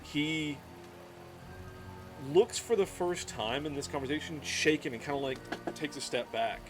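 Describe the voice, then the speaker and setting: A man narrating a tabletop game as game master and speaking for its characters in a quiet, measured way. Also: a little high, soft background music.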